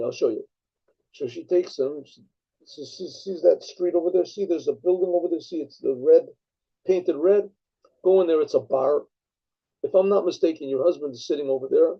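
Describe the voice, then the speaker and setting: A rabbi tells a story in a gravelly, husky voice that sits fairly high for a man. He rambles, restarts his sentences and clears his throat often. The recording is dull and lo-fi. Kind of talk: storytelling talk.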